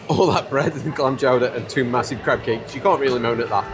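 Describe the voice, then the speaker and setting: A man's voice: mid-range voice, brisk, over music. A man with a Stoke-on-Trent accent, chatting and joking on a casual travel vlog. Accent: Stoke-on-Trent English. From England. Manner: chatty and jokey, laughs often. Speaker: vlogger. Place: outdoors on city streets.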